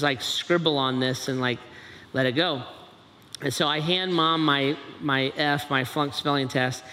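A middle-aged man from Ohio tells a personal story in a sincere, conversational way and keeps checking in with the room. His voice is bright and forceful. It rings out in a large, echoey hall, with a faint hum of ambience behind it. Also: a little high. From Dayton, Ohio, USA. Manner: earnest, conversational, frequent "right?" asides. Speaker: speaker.

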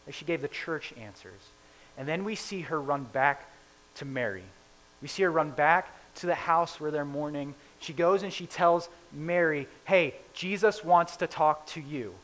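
A man preaching a conversational sermon, retelling a scripture story in casual, animated paraphrase. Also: on the high side, normal speed, low-quality recording.

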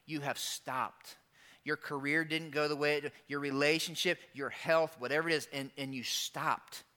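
Male pastor, bright ringing voice, sermon delivery that swings from hushed to loud, church setting. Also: steady tone, moderate pace, smooth. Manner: dynamic preaching, drops soft then builds loud and high. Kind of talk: Easter sermon.

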